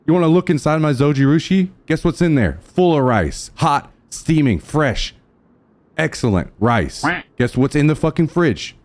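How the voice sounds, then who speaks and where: Loud cocky guy streaming, yelling swears and hype at chat. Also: expressive, moderate pace. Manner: brash, profane trash talk to chat; thanks subscribers in a lowered, softer voice. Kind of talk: casual live-stream chat.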